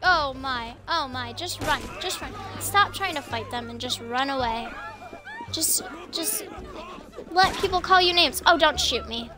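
A young woman talking casually to herself while playing a video game, chatty and quick to apologize and laugh. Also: sits high, over music, crowd noise. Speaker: gameplay streamer.

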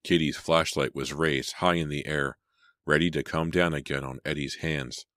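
Very deep-voiced man reading a thriller. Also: fairly even intonation, normal speed, fairly bright tone, no room sound, clean studio sound. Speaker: audiobook narrator. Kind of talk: dramatic audiobook reading.

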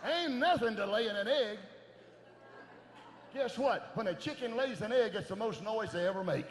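Man, evangelist sermon, high voice, very echoey church hall, long reverb, soft asides to shouts. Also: animated, moderate pace, slight background noise. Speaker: evangelist preacher. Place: large church sanctuary.

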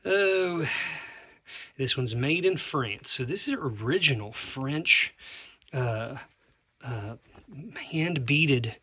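A man vlogging as a reseller, unboxing items in excited, halting casual commentary that sometimes drops to a whisper. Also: mid-range voice, slight background noise.

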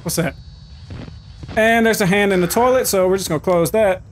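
A man's voice: sits high, moderate pace, a little hiss or hum. A man hosting a let's play of a horror game, reacting with nervous jokes and constant swearing. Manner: jumpy, profane, nervous joking. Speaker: gaming channel host. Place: home gaming setup. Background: horror game music.

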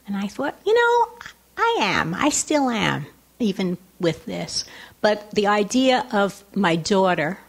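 A nasal woman reads her own personal essay to a lecture audience. Her voice sits a little low for a woman. She rushes through casual asides, then slows down for the measured reading. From Long Island, New York. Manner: quick conversational asides between slower, measured reading. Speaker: writer reading her work.

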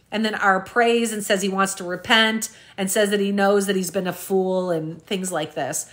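A woman's voice: medium pitch, steady tone, moderate pace, hardly any pauses, a bit bright. A woman hosting a true crime recap, reading journal entries aloud in a casual way with frequent ums and self-corrections, talking straight to her viewers. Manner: addresses viewers directly as "you guys".

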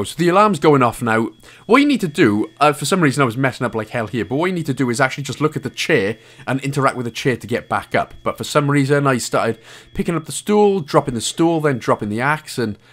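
Lively Welsh man narrating a game. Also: mid-range voice. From Wales. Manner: jokey, chatty, swears casually. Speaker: gaming guide host. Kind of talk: game walkthrough commentary.

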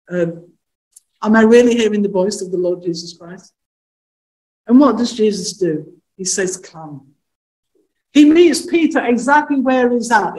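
Woman minister, mid-pitched, earnest sermon delivery, pointed rhetorical questions, slows for emphasis. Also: rough recording.

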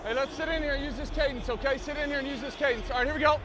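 A man's voice: very high voice, steady tone, racing. Male quarterback firing up teammates on the sideline. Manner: loud, hyped encouragement to teammates. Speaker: professional football quarterback. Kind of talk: mic'd-up sideline talk. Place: outdoor stadium sideline. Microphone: body-worn mic. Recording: noisy field mic with crowd. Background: roaring stadium crowd.

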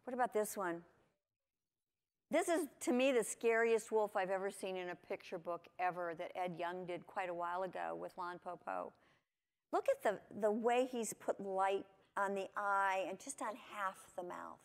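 A woman giving a lively conference talk to teachers, asking her audience lots of questions. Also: mid-range voice, moderate pace. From United States. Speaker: conference presenter. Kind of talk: lecture to teachers. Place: conference hall.

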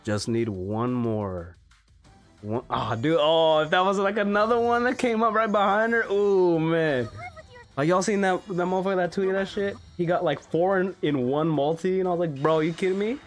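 Excitable young man, casual game commentary. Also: high voice, moderate pace, soft background music. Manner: excitable, swears freely, laughs a lot. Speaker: gaming YouTuber.

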